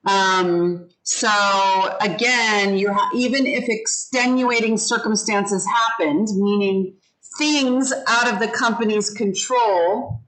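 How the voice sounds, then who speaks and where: Slow, patient woman teaching vocabulary. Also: medium pitch, a bit bright, low-quality recording. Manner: slow, patient, leads the class in repeating words. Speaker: ESL teacher. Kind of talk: online vocabulary lesson.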